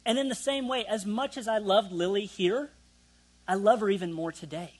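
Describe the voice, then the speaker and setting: A man's voice: high voice, moderate pace, poor audio. A young man preaching a sermon in a conversational way, with self-deprecating asides to the congregation. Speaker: pastor.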